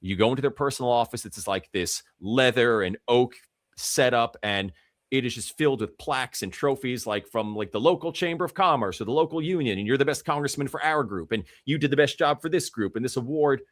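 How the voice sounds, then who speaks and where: A man talking as a podcast guest, telling a story in an animated way and acting out the quotes. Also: medium pitch, fairly quick, dry recording, clean studio sound. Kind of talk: casual storytelling.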